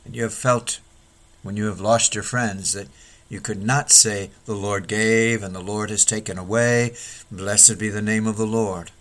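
A man preaching a sermon, measured and earnest, rising sharply when he voices the complaints he quotes. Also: fairly low pitch, steady tone, a bit bright. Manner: measured preaching with sudden raised pleading quotes.

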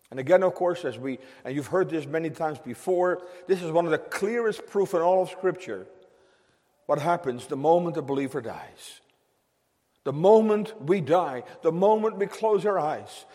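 Slow, high-voiced preacher in a reverberant church. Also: male voice. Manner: slow, emphatic preaching with drawn-out phrases and sudden quiet drops. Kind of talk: sermon. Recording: long hall reverb.

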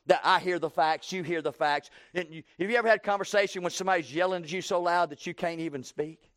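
A man in his sixties preaching a sermon, slowing down for emphasis and breaking into loud acted quotes. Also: high voice, dry recording, clean studio sound.

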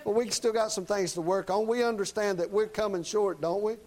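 A male preacher delivers a sermon in a folksy, down-to-earth manner. His voice sits slightly high for a man. He keeps turning to the congregation with short tag questions. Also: fairly even intonation, a little fast, a little mellow, low-quality recording.

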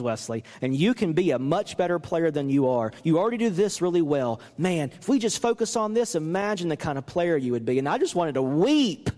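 Male pastor mid-sermon, lively swinging delivery, reverberant sanctuary. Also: fairly high pitch. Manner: animated, acts out quoted coaches with rising voice.

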